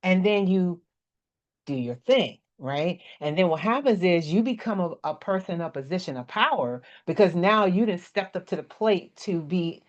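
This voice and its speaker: A woman's voice: fairly low pitch, animated, moderate pace. A woman with a slight country twang teaching speaking skills in a casual, coaching way, often checking in with her listeners. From Maryland area. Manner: chatty, coaching, checks in with "okay? right?". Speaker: business speaking presenter. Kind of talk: casual workshop talk. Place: indoors at a computer. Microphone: desk microphone with webcam. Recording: dull lo-fi sound.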